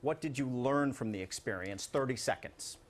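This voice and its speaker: A man moderating a televised debate, firm and businesslike, calling time and cutting in on candidates. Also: mid-range voice. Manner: brisk, firm, keeps time.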